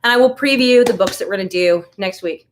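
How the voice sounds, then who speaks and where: A woman's voice: mid-range voice, fast talker, slight background noise. An American woman hosting a casual live stream, chatting loosely and reacting to viewer comments as she goes. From United States. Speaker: livestream host.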